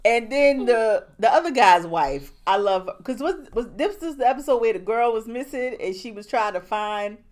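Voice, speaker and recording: Lively, animated woman on a podcast. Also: fairly high pitch, moderate pace, hardly any pauses. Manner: animated, laughing, acts out scenes from shows. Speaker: podcast co-host. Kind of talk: casual chat about TV.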